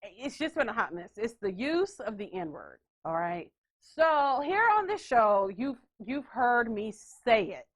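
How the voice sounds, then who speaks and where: Woman, podcast host, casual chat, profane and joking, high pitch. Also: sing-song, unhurried.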